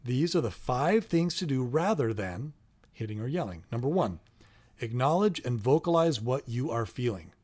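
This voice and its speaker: A middle-aged father co-hosts a casual parenting talk, explaining steps one at a time and acting out sample phrases. His medium-pitched voice is expressive, a little mellow, and moderately paced.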